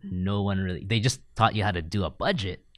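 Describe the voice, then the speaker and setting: A man's voice: on the low side, brisk, dry recording, studio quality. A man co-hosting a podcast, telling stories in a chatty way and laughing often. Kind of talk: casual podcast chat.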